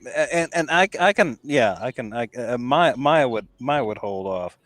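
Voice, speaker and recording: A man chatting as a guest on a live stream, musing in a halting way. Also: medium pitch, animated, a bit bright, no echo. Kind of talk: casual live-stream chat.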